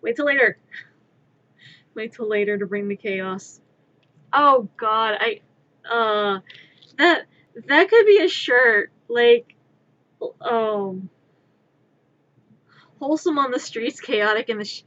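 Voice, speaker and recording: A woman's voice: a little high, expressive, takes it slowly, long pauses, fairly bright tone, lo-fi sound. A woman streaming her crafting, chatting in a rambling, playful way from her own room, sometimes scolding her cat. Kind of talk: casual live-stream chatter.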